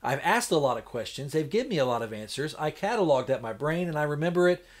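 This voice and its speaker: Man, somewhat high voice, folksy and rambling live-stream host. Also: animated, fast. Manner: folksy, rambling, acts out doctors in quoted voices. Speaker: homestead livestreamer. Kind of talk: casual live-stream chat.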